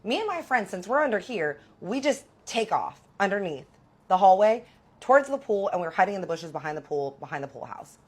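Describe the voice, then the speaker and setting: A woman in her thirties telling a dramatic personal story in casual storytime style, animated and full of fillers. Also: mid-range voice, a little fast, slightly rough.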